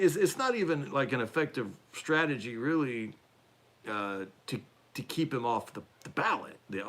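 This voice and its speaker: A man's voice: medium pitch, sharp tone. A man hosting a casual political live-stream chat, rambling and self-deprecating, with frequent restarts. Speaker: podcast host.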